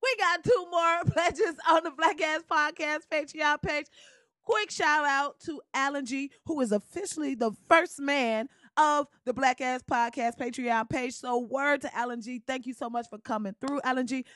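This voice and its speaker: A woman's voice: high-pitched, moderate pace, a bit bright, dry recording, clean studio sound. A woman hosting her own podcast, talking casually and animatedly at home, often laughing and slipping into bits of song. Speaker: podcast host. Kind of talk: casual solo podcast monologue. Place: room at home. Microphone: podcast mic at home.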